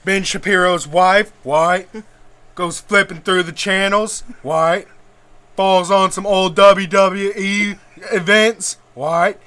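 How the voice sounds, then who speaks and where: A man's voice: high voice, steady tone, takes it slowly, bright, forceful tone, smooth, exaggerated voice. A man putting on a brash, beer-chugging wrestler persona and barking "what?" after every phrase. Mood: rowdy.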